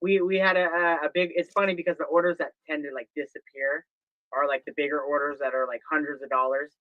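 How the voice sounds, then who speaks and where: A man's voice: fairly high pitch, quick pace, no room sound, narrow, tinny audio. A man chatting casually on a stream, telling stories with animation and acting out his phone calls. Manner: animated storyteller, acts out phone calls, laughs easily. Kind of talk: casual chat.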